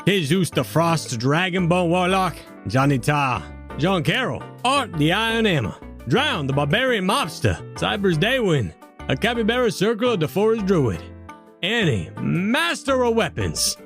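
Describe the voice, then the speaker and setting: A man voicing a folksy, hospitable Cajun male potion shopkeeper with a Cajun accent, reading sponsor shout-outs in character in a drawling manner. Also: sits high, very animated, measured pace, soft background music, pitched above the performer's own voice, heavily acted.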